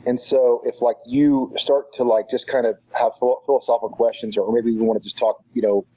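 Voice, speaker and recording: Podcast guest, husky man, mellow tone, halting delivery, muffled lo-fi sound. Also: mid-range voice, level tone. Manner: halting, filler-heavy, thinking aloud. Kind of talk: casual chat. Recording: dull lo-fi audio.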